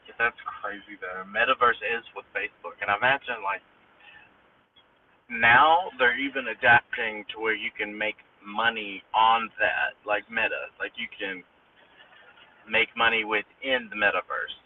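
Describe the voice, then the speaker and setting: A man's voice: fairly low pitch, unhurried. A man chatting casually in a support group stream, thinking aloud with many fillers. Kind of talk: casual livestream chat. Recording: distant tinny phone line with faint noise.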